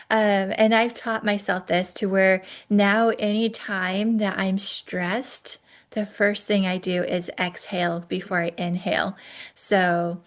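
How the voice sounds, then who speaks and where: A woman in her forties talks through a wellness podcast at a slow, unhurried pace. Her voice sits at an ordinary middle pitch, and she chats casually with plenty of ums and restarts. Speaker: podcast host.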